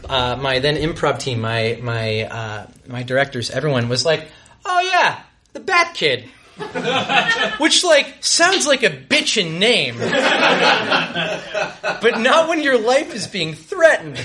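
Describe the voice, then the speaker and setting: A young man telling a self-deprecating true story on stage before a live audience, halting and restarting his sentences. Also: sits high, noisy background.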